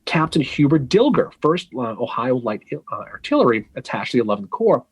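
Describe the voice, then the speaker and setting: Husky guy co-hosting a history podcast, bounces his pitch around telling the story, dry close mic. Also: a little fast, dry recording. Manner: animated storyteller, acts out quotes, teasing. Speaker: podcast co-host.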